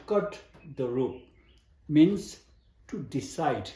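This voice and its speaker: A man with a Tibetan accent teaching a language lesson, repeating words slowly and spelling them out. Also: a little high, lively intonation, dark tone. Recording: echoey room.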